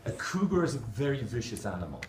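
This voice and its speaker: A man's voice: medium pitch, sing-song, fast, a little mellow. Irish man speaking in an echoing hall. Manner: playful, explaining his own drawings. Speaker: conference speaker. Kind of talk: humorous conference talk. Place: large conference hall. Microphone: distant camera. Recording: echoey hall from far off, noisy.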